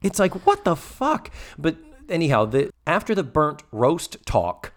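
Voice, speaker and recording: A man casually recapping a sitcom episode as a podcast co-host, animated and swearing freely as he acts out the lines. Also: fairly high pitch, measured pace.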